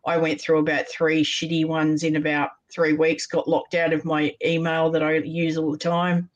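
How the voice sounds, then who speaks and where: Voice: medium pitch, completely flat delivery, moderate pace, highs cut off. An interview host speaking casually and steadily in conversation.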